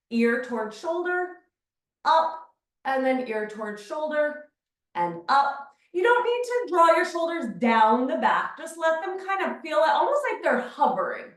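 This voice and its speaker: A woman teaching a beginner Pilates class, calmly talking the listener through each movement step by step. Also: high-pitched. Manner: calm step-by-step movement cues. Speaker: Pilates instructor. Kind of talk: guided exercise class. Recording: very echoey room, mic far off.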